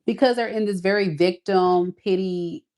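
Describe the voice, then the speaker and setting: A woman's voice: medium pitch, steady tone, normal speed, darkish tone, a little hiss or hum. A woman giving a casual tarot reading, talking in a blunt, sassy, emphatic way. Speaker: tarot reader.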